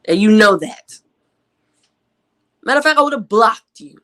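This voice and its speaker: A sassy woman chatting on a live stream panel, roasting a caller with teasing jabs. Her pitch sits mid-range but swings widely and expressively as she goes. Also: expressive, normal speed, fairly bright tone. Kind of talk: casual chat.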